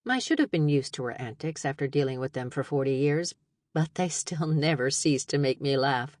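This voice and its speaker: A woman narrating a first-person audiobook in an expressive, wry storytelling manner. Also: low-pitched, normal speed, no echo. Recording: dry studio narration.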